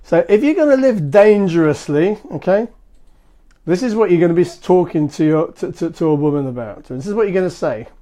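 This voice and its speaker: A man's voice: high-pitched, lively intonation, fairly quick, mellow. A man hosting a marketing live stream from his phone, chatting casually and rambling, with many fillers and restarts.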